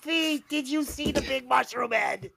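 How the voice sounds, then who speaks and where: A man's voice: very high voice, unhurried, vocal fry, pushed and bright, no room sound. A man hosting a music podcast, telling stories in a profane, laughing, casual way. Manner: profane, laughing anecdote teller. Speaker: podcast host, album reviewer.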